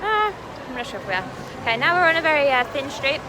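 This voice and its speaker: A woman's voice: high-pitched, big pitch swings, quick pace. Chatty young woman filming on a phone. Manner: chatty, playful, laughs often. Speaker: vlogger. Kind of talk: casual vlog chat. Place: outdoors on busy city streets and in a café. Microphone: phone camera. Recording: phone recording with street noise. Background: street and traffic noise.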